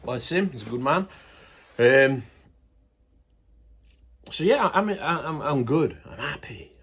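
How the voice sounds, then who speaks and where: A man's voice: mid-range voice, very animated, takes it slowly, a bit bright, husky. A middle-aged man, chatting casually to camera, ranting bluntly, then laughing it off with good humour. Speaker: vlogger.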